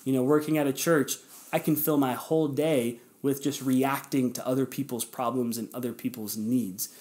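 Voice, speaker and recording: A man hosts a casual motivational podcast, talking earnestly and encouraging listeners by addressing them directly. He's conversational, with fillers and self-corrections. His medium-pitched voice is a little mellow, fairly even in intonation, and moderately paced.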